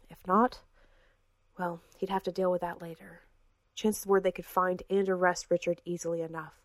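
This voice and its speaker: Woman audiobook narrator, lower voice, measured and hushed, dry booth sound. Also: level tone, dry recording. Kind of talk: scripted narration.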